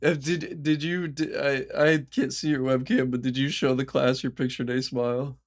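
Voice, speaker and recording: A man's voice: medium pitch, little pitch movement, normal speed. A young man co-hosting a podcast over a call from home, joking along and chiming in playfully. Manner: playful, chimes in with jokes and agreement. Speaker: podcast co-host. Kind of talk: casual chat.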